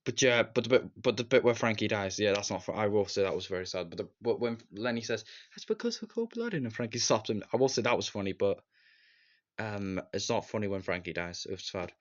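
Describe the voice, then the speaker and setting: A fairly low-pitched man speaks fairly quickly in a steady tone as he reviews a movie. It's a relaxed, meandering account strung together with "and then," punctuated by brief, silly impressions of the characters' lines. The recording has a slightly dull, lo-fi quality.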